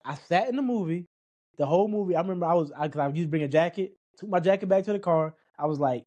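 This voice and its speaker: Fast-talking and high-voiced, this podcast co-host chats casually about a film. He tells stories with animation, walking through scenes and acting out the lines himself.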